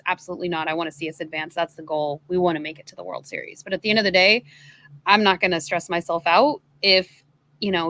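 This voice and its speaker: A woman co-hosting a casual baseball podcast, talking in an even-keeled, chatty way. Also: fairly low pitch. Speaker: podcast co-host. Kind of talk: casual sports chat.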